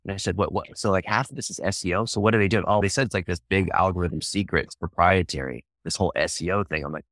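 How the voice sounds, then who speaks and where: Man, very low voice, dry close sound, podcast guest, animated storyteller, emphatic. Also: fast talker, no room sound. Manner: animated, emphatic, jumps into acted quotes. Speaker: podcast guest, digital marketer. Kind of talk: casual interview storytelling.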